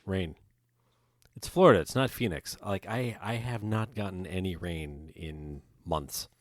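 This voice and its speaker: A man's voice: sits low, measured pace, no echo. A man co-hosting a podcast in casual chat, emphatic and swearing freely. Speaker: podcast co-host.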